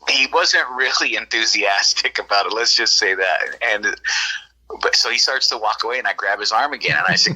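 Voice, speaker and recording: A man's voice: lowish voice, normal speed, poor audio. A man from California telling a long, rambling story, often acting out the dialogue of the people in it. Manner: rambling, animated, acts out quoted dialogue. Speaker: guest telling an encounter story. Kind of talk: casual storytelling on a podcast.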